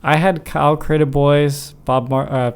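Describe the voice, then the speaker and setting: Relaxed male podcast host. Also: a little high, unhurried, clean tone. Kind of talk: casual podcast interview.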